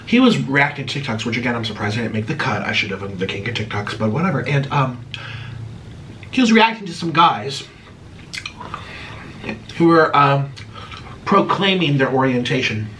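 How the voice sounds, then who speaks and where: A man's voice: lively intonation, moderate pace, pauses often, fairly bright tone, far from the mic, slight background noise. A man in his thirties hosting an eating video at home, answering viewer questions in a sarcastic, theatrical way. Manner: sarcastic, theatrical, swings between high and low pitch. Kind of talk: casual chat while eating.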